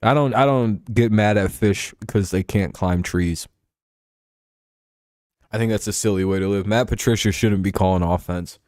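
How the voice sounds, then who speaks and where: A man's voice: fairly low pitch, normal speed, darkish tone, dry recording. A man hosting a casual sports commentary show, rambling and profane, laughing often between points. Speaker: show host.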